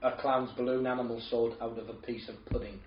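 A man's voice: medium pitch, level tone, fairly quick, slight background noise. A man, co-hosting a podcast in casual, sweary, ranting banter. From northern England. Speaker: podcast co-host. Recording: roomy, slightly dull podcast audio.

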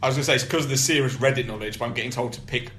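A man's voice: medium pitch, very fast. Dry-quipping man panellist. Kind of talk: casual comedy podcast banter. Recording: echoey room with loud background noise.

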